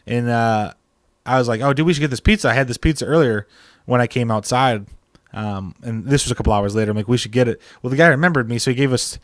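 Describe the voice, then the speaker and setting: A man's voice: medium pitch, dry recording, studio quality. A man hosting a live stream, telling a rambling casual story full of "like" and filler. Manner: rambling, heavy use of "like". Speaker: stream host.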